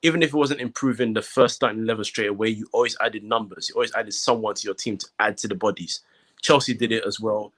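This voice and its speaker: A man co-hosting a casual football podcast, animated and slangy with plenty of fillers. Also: on the low side, fast talker. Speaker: podcast co-host.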